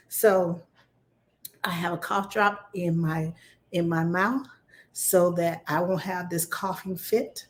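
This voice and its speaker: A woman's voice: lowish voice, takes it slowly. Chatty woman, voice just back. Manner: rambling, animated storytelling with restarts. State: recovering from laryngitis, slightly hoarse. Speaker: vlogger. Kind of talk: casual chatty talk to camera.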